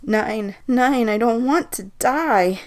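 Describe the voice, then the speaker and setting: A woman voicing a terrified old man with a thick German accent, pleading in a shrill, tearful voice. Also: slow. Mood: pleading, panicked. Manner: pleading, shrill, close to tears. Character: terrified old German man, a cruel former camp guard.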